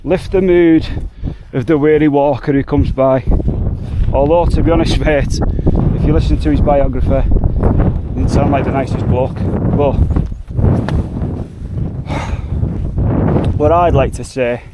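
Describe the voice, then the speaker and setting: A man's voice: medium pitch, fairly even intonation, moderate pace, dull audio, very noisy. A man, talking reflectively and from the heart while walking in the mountains. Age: 40s. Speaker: hiking vlogger. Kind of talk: emotional hiking vlog. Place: outdoors in mountains by a lake.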